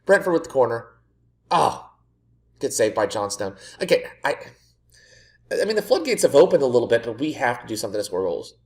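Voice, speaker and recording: Fairly quick but with long pauses, his mid-range voice swings widely in pitch. The man is a gaming creator doing let's-play commentary on a football management game, sarcastic, exasperated, and often ranting at his own team in self-mockery.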